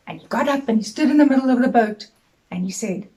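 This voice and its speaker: A middle-aged woman teacher gently speaking to young children in an assembly talk, telling them a story in a sing-song way. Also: a little high, brisk, low-quality recording.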